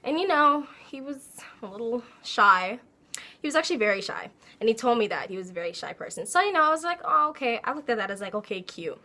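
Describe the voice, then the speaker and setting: A young woman telling a casual storytime, animated and laughing as she acts out her own quotes. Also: a little high, quick pace. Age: young adult. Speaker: vlogger.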